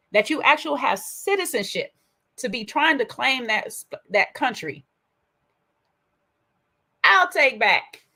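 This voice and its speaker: A woman hosting a casual, sassy commentary on a reality dating show, with a colloquial, animated delivery. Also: a little high. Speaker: commentary host.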